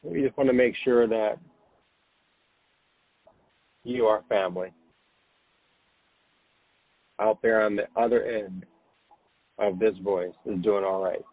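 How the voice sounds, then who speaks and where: Male host, low husky voice, soothing and reassuring, dry phone-line sound. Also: slow pace, pauses often, no echo. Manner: gentle, reassuring, guiding the listener to breathe and relax. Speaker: podcast host. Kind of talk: late-night spiritual podcast talk.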